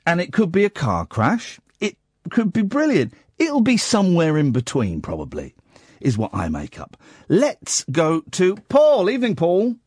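A man's voice: high-pitched, wildly swooping pitch, normal speed, a little mellow, slightly rough, dry recording, studio quality. A man hosting a late-night radio phone-in, wry and teasing. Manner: wry, teasing, self-mocking. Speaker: radio host. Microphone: studio mic.

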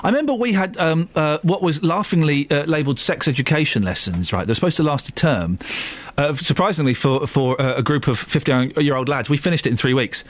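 A man hosting a radio show, telling school stories in a jokey, animated way. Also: fairly high pitch, brisk, hardly any pauses, dry recording. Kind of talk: casual radio banter.

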